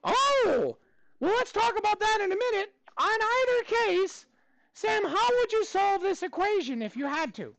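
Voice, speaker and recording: A cheerful, squeaky cartoon mouse in class, high and bright in falsetto. He bounces upbeat through the lesson with lively swoops of pitch. The sound is close and dry. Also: unhurried, no room sound, exaggerated voice. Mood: cheery. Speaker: math teacher.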